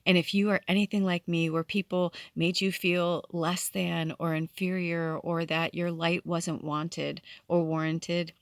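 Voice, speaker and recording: Woman, late 40s, lowish voice, dry close sound; candid spiritual vlogger, heartfelt, swears casually. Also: level tone, a little slow, hardly any pauses, dry recording. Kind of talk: casual late-night vlog talk.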